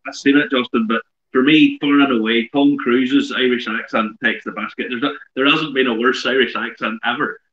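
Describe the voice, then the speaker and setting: A man's voice: mid-range voice, fairly even intonation, normal speed, a bit bright. Male co-host on a dull, echoey line. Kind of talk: casual chat.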